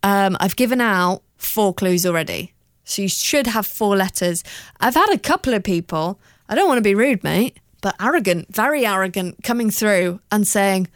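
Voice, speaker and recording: A woman's voice: medium pitch, lively intonation, moderate pace, no echo. Young woman, slightly posh southern English accent, chatty solo podcast, dry close sound. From southern England. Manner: chatty, candid, swears freely, jumps into mock voices. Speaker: podcast host. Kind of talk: casual solo podcast chat.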